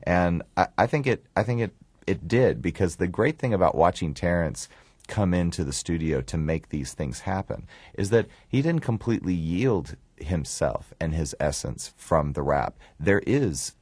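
A man with a Southern US drawl and a remarkably low, deep voice tells stories in an interview. He loops back and repeats words as he goes. The sound is close and dry. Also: moderate pace, husky, dry recording. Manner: relaxed, repeats words and restarts, acts out quoted lines. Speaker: film writer-director. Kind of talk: storytelling in an interview.

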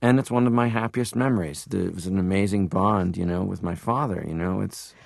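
A man from Canada, an interview guest, telling animated stories and slipping into impressions. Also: deep voice, brisk, creaky, dry recording, studio quality. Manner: animated storyteller who drops into impressions. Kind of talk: interview talk.

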